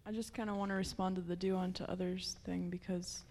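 A woman's voice: fairly low pitch, level tone, a little fast, mellow, a little hiss or hum. A woman in a church congregation speaking in an earnest, direct way. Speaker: congregation member.

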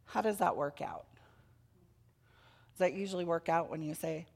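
A woman preacher giving a children's sermon, telling a story with animated expression and asking the children questions. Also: low voice, normal speed, creaky, long pauses. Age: adult with children.

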